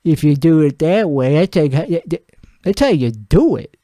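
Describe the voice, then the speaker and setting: Man putting on a sleazy host voice, high-pitched, crude rambling, dry close sound. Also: lively intonation, unhurried, warm tone, no room sound. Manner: crude, rambling, laughs at own jokes. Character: crude sleazy boastful male podcast host. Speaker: comedy podcast host. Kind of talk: improvised character comedy monologue.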